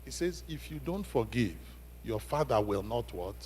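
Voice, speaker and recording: A man preaching a sermon, emphatic, asking the congregation questions and swinging from loud to hushed. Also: medium pitch, animated, normal speed, a little hiss or hum. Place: church sanctuary. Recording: long reverb of a church hall.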